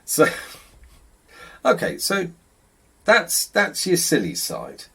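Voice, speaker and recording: A man hosts a comedy podcast and interviews his guest in a dry, teasing way. His husky voice swings widely in pitch. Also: huge pitch swings, very slow, pushed and bright. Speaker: podcast host.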